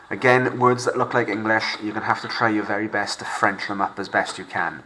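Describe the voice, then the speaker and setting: A man teaching a remote language lesson, modelling phrases slowly and clearly for pupils to repeat. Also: lowish voice, steady tone, bright, forceful tone, a little hiss or hum, rough recording. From Wales.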